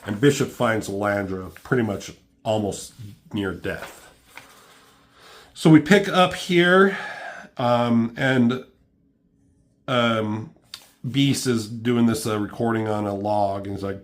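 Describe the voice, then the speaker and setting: A man's voice: on the low side, lively intonation, slow, pauses often. A man casually reviewing a comic book, rambling with lots of ums and swearing freely.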